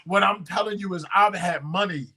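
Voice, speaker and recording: A man in his thirties preaching a sermon as pastor, testifying with feeling and swinging from hushed moments to loud, drawn-out shouts. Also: sits high, breathy edge, poor audio. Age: 30s. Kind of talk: emotional sermon.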